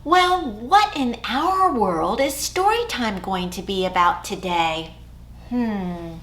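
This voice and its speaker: A woman children's librarian hosting a storytime for small children, talking in an animated, exaggerated way with gasps and whispers. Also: on the high side, slow pace.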